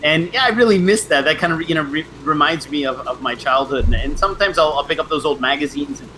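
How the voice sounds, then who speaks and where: Middle-aged male host, rambling storyteller, bright and a touch high. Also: fast talker, slight background noise, poor audio. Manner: rambling, with frequent restarts and laughs. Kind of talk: casual storytelling chat.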